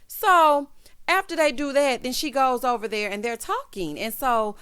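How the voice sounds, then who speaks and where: A woman from Texas with a Southern twang, recapping reality TV in a sassy, animated way, calling everyone honey. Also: high-pitched, moderate pace, smooth. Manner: sassy, animated, peppered with 'honey'. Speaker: recap vlogger.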